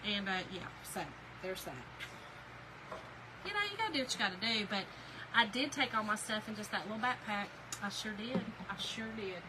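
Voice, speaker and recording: A woman's voice: mid-range voice, animated, moderate pace, heavy background noise. A woman hosting a crafting livestream, chatting folksily and calling her viewers y'all. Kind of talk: casual chat while crafting on a livestream.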